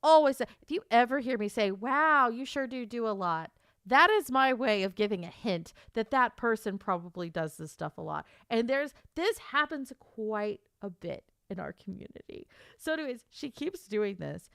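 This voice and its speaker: A young American woman streams a storytime in a casual, gossipy way, acting out the people she quotes. Her voice sits a little high and sounds close and dry, with no room around it. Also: normal speed, vocal fry, clear, resonant tone, no echo. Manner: gossipy, animated storytelling with exaggerated quoted asides.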